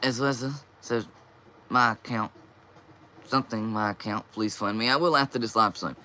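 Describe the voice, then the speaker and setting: A man's voice: on the low side, steady tone, normal speed, pushed and bright, slight background noise. A young man hosting a casual live stream, reading viewer comments aloud and answering them.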